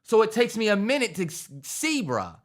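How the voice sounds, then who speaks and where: A young man co-hosting a podcast, telling a story in casual chat, animated and laughing as he acts out the people in it. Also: high voice, moderate pace. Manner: animated storyteller, acts out quoted voices, laughs through his stories. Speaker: podcast co-host.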